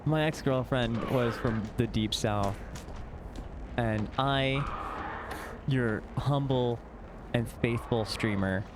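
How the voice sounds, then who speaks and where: A man's voice: mid-range voice, slow, pauses often, background noise. A man streaming live, talking through a game with wry, dry asides to his chat. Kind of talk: live gameplay commentary.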